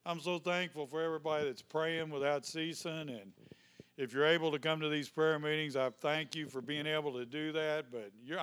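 A man, a pastor preaching fervently to his congregation, speaking in tongues, shouting calls and dropping folksy asides. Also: on the high side, clean tone. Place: church sanctuary with congregation. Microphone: handheld microphone.

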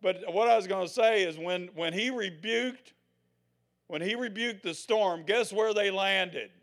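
An older man preaching a sermon in a folksy way, swinging from loud proclamations to hushed asides. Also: sits high, a little slow. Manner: folksy, acts out the scenes he tells.

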